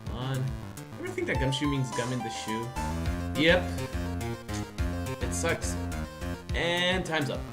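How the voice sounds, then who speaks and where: A woman's voice: rumbling low, big pitch swings, slow pace, pauses often. A woman streamer playing a visual novel, reading its dialogue aloud and adding frank, sweary asides. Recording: roomy sound with loud game music. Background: loud game music.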